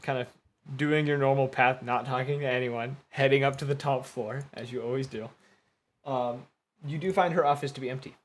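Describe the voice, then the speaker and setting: A man narrating a tabletop game as game master, talking in a relaxed way and filling his lines with "kinda" and "um". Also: medium pitch, moderate pace.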